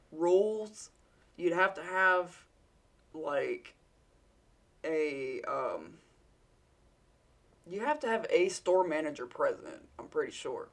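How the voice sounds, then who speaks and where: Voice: mid-range voice, fairly bright tone. A vlogger with a Southern US accent, telling a work story in a rambling, candid way with casual swearing.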